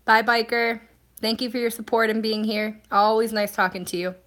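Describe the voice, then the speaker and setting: A woman's voice: a little high, little pitch movement, moderate pace, a bit bright. A woman hosting a casual live stream, chatting and answering viewer comments in a rambling way with plenty of ums and restarts.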